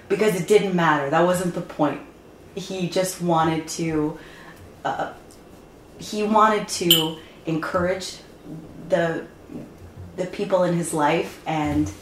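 Woman, fond laughing reminiscence, slow speech, roomy echo. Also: lowish voice. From Canada. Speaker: granddaughter sharing memories. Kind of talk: reminiscing chat. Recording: roomy with faint noise.

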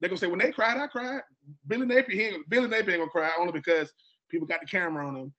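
Guy from georgia hosting a podcast, high voice, lively, keeps acting out what people said. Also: racing, highs cut off. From Georgia, USA. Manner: animated, acts out quoted dialogue; repeats and restarts often. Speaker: podcast host. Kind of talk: casual chat.

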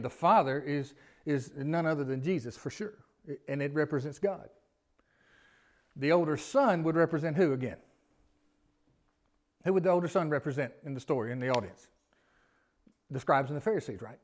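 Pastor, high voice, folksy sermon. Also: male voice. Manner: folksy, asks the congregation questions, pleading rises. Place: church sanctuary.

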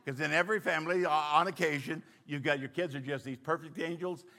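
An older man preaching a sermon as pastor, telling a story with animated bursts of emphasis. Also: on the high side, quick pace.

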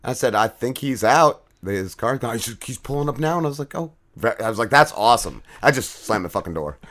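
A man's voice: medium pitch, lively intonation, fairly quick, fairly bright tone. A man co-hosting a podcast, telling long, profane, rambling anecdotes in casual chat and mimicking the people in them. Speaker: podcast co-host.

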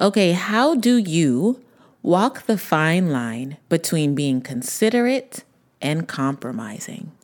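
A woman in her thirties co-hosts a podcast in a casual, animated chat. Her voice sits a little low but moves widely in pitch, and she laughs easily and acts out quoted lines. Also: takes it slowly. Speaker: podcast co-host.

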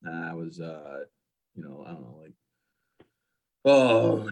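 A man's voice: fairly low pitch, a little slow, long pauses. A man in his thirties, a veteran guest, telling his personal story in a candid, plain-spoken interview manner.

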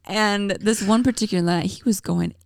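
A woman's voice: medium pitch, vocal fry, no echo, studio quality. A woman co-hosting a casual faith conversation with her husband, candid and playful, laughing easily. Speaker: podcast co-host, wife.

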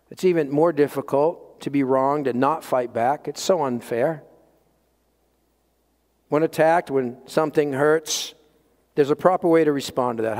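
Emphatic male pastor in a reverberant hall. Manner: emphatic, rising to loud peaks then dropping low. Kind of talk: sermon.

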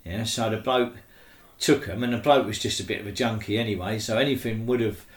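A man's voice: on the low side, a little fast, roomy sound. A man telling a casual, slangy story in an interview, often tagging "do you know what I mean".

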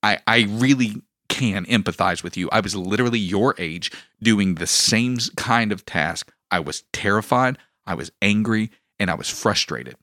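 A man's voice: on the low side, normal speed, few pauses, pushed and bright, no room sound, clean studio sound. A man co-hosting a parenting podcast, telling family stories in a casual, folksy, humorous way. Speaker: podcast co-host; father of a daughter.

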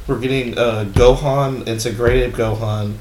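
A young man co-hosting a casual podcast, excitable and quick to swear and laugh. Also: mid-range voice. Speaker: podcast co-host. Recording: roomy sound with faint background noise.

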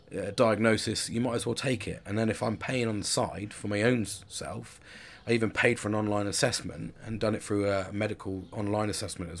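A man in his forties talking candidly in a rambling personal monologue, with frequent restarts and casual swearing. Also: fairly low pitch. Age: 40s.

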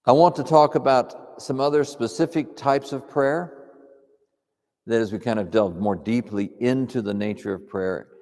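A man preaching in a calm, reflective, conversational way, teaching on prayer. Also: medium pitch, moderate pace. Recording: long hall reverb.

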